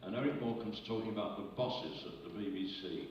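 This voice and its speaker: An older comedian spins chatty, self-mocking stories before an audience, chuckling as he goes. His fairly low voice sits far back in a very echoey hall. The recording is dull, with a faint hiss. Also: fast, a little mellow. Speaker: comedian telling stories on stage. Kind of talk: live on-stage anecdotes. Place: arts centre stage before an audience.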